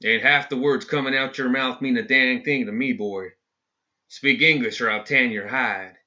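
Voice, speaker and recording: A man's voice: mid-range voice, fairly even intonation, moderate pace, sharp tone. A man voicing a towering, threatening frontier lawman in a prairie drawl, in a dull lo-fi audiobook recording. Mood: menacing. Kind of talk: audiobook story reading.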